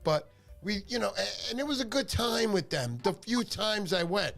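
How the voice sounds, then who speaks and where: A man hosting a fishing livestream, chatting in an animated, joking, rambling way. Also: sits high, moderate pace, vocal fry, soft background music. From New York. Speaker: livestream fishing show host. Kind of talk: casual livestream chat.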